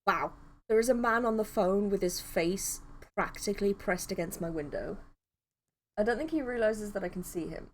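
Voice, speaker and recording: A woman's voice: mid-range voice, normal speed, slight background noise. A woman streamer with a southern English accent tinged with northern English, chatty and rambling as she reads a visual novel aloud. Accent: southern English with a northern English edge. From northern England. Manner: chatty, rambling, laughs easily.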